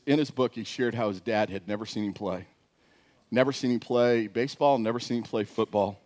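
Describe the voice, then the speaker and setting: Man preaching a sermon. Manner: animated storyteller, climbs loud and high when joking. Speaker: pastor.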